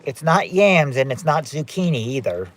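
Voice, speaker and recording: A man's voice: on the high side, sing-song, normal speed. A man hosting a live-stream game night, chatting as he reads out viewer guesses and rules on each one. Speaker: game show host.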